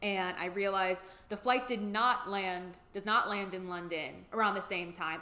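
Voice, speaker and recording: A woman's voice: mid-range voice, bright, forceful tone. A young woman telling a candid, rambling, emotional travel story in a casual vlog. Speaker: vlogger. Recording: echoey room.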